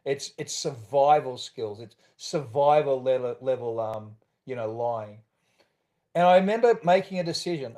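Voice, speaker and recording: A man's voice: mid-range voice, animated, normal speed, warm tone. A man with an Australian accent, a podcast guest telling his own story candidly and acting out the voices he quotes.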